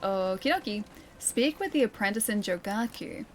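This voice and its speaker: A woman's voice: medium pitch, expressive, moderate pace, noisy background. A young woman streaming a game, chatting casually and giggling as she thinks aloud. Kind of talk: casual gameplay commentary.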